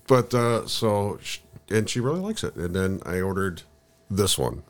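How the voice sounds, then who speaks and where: A man's voice: low-pitched, sing-song, normal speed. A man co-hosting a podcast in casual chat, joking and laughing easily, sometimes tripping over his words. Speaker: podcast co-host.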